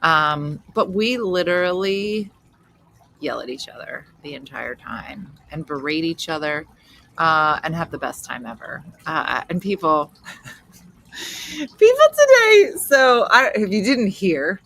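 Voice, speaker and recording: A woman in her fifties with a New Jersey accent, hosting a casual chat show and telling stories in a loud, animated way. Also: lowish voice, slow. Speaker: host.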